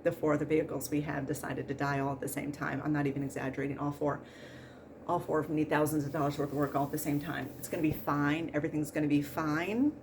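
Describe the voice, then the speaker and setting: A woman's voice: deep voice, steady tone, quick pace, noisy background. A woman in her forties, a nurse hosting a podcast, telling work stories in a casual comedic monologue with exasperated, laughing rants. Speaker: pre-surgery nurse and podcast host.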